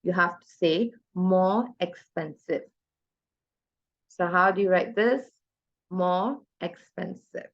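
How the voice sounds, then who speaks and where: A woman's voice: fairly low pitch, slow, pauses often, muffled recording. A woman teaching a grammar lesson, asking her class questions and then answering them herself. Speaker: English teacher.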